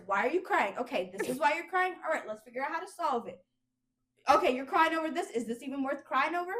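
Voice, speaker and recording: A woman's voice: high voice, a bit bright. A young woman with AAVE speech talking bluntly and profanely as a podcast host, in casual chat.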